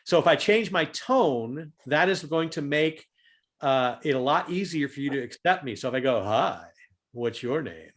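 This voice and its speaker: A man giving a talk on humor and leadership over a video call, animated and fond of loud acted-out demonstrations. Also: a little high, moderate pace.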